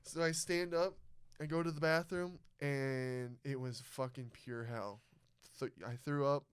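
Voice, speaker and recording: A young man hosting a casual podcast, telling a story loudly with plenty of swearing. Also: mid-range voice, a little slow, smooth, no echo. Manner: loud, swearing, animated storyteller. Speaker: podcast host. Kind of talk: casual chat.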